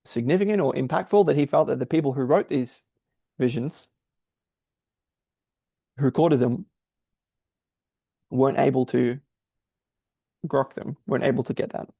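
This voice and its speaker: Here a man hosting a podcast works through a hard text out loud, searching and explaining as he goes in exegetical commentary. He speaks at medium pitch and a moderate pace, with a gravelly, warm voice and long pauses. There's no echo.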